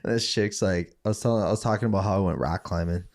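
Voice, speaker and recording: A young man from Minnesota, a podcast guest telling stories in an animated way with frequent laughs. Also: deep voice, fast talker. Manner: animated storyteller, laughs often. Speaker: guest, former fighter. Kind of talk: casual chat.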